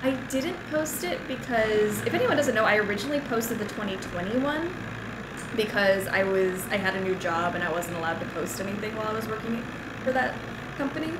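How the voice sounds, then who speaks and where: A woman's voice: medium pitch, heavy background noise. A young adult woman chatting casually on a game stream, rambling, giggling and poking fun at herself. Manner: rambling, giggly, self-deprecating. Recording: roomy sound with game music. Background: game music.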